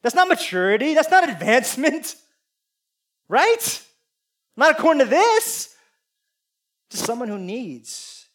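A man preaching a sermon, earnest and confessional, swinging between loud appeals and hushed asides. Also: very high voice. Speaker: pastor.

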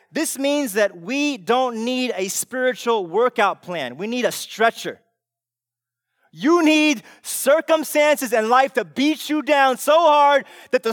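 A male pastor delivers a sermon in a strikingly high voice, mixing casual slang with rising, shouted intensity. The sound is dry and close, with no room echo.

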